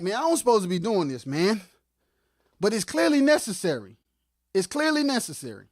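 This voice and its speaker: A livestream co-host giving impassioned commentary on music production. They get fired up and shout, then drop into quiet asides, and repeat phrases for emphasis. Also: medium pitch, very animated, fairly quick, no room sound. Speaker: co-host of a live music talk stream.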